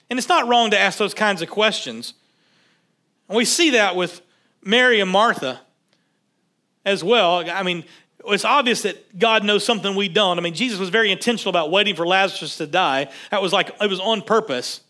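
Guy preaching, kinda high voice, reads verses then just chats about them. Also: sharp tone. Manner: conversational preaching, reads scripture and comments casually. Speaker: pastor. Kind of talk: sermon.

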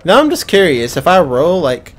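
A man's voice: a little high, sing-song, normal speed. A tired young man giving casual, rambling gameplay commentary. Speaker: gamer.

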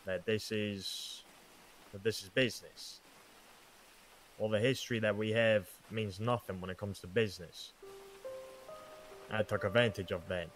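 A man voicing a contrite gang underling in a game roleplay, speaking quietly and hesitantly. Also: lowish voice, fairly even intonation, a little slow, long pauses, soft background music. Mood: resigned. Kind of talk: gangster roleplay.

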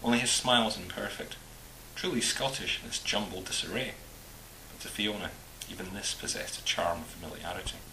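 A man calmly reading a short story aloud in a measured narrating voice. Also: low voice, echoey room, noisy background.

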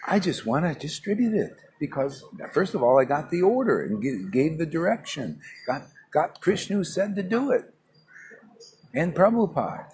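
A man's voice: fairly high pitch, big pitch swings, normal speed, a little mellow, breathy edge. A man giving an informal morning spiritual class in a public place, talking in a brash, scolding way and calling his listener "man" again and again. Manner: brash, scolding, colloquial, keeps saying "man". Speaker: spiritual teacher.

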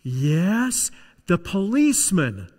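A man voicing a small boy in a hushed whispered role-play, soft and faint, with a little giggle in it. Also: high-pitched, expressive, slow pace, in a large hall, exaggerated voice. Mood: secretive.

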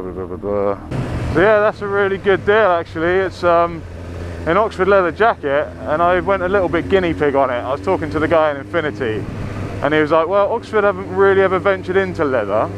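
A motorbike vlogger with a fairly high voice speaks fairly quickly, filming his ride through town and ranting at traffic with plenty of swearing in his casual commentary. Wind and traffic make the recording noisy.

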